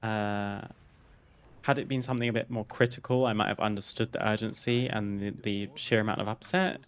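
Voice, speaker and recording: A man's voice: on the low side, steady tone, brisk, smooth. A man streaming a game, chatting casually and candidly as he tells a personal story, laughing and swearing freely. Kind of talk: casual storytelling over gameplay.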